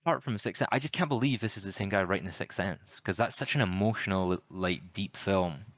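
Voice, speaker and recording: A man's voice: low voice, brisk, fairly bright tone, no room sound. A man co-hosting a podcast, giving wry, opinionated film opinions with dry sarcastic jokes. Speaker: podcast co-host. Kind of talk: casual film review chat.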